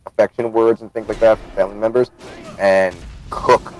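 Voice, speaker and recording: A man's voice: on the low side, level tone, moderate pace, poor audio. A man from the United States streaming a game, chatting casually and explaining things at length. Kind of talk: casual gaming chat.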